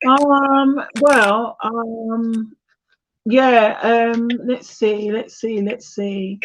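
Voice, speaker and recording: A woman's voice: on the high side, fairly even intonation, very slow, a little hiss or hum, poor audio. A British woman with an accent sliding between standard and London speech, chatting casually on a live stream, hesitant and full of fillers. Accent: English, between standard British and London. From England. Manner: hesitant, many fillers and restarts. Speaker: tarot reader and live stream co-host.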